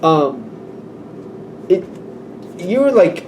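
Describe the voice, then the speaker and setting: A man's voice: fairly high pitch, big pitch swings, slow pace, pauses often, a little mellow, distant mic, a little hiss or hum. Chatty man giving a tarot reading. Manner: chatty, rambling, acts out quoted exchanges. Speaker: tarot reader.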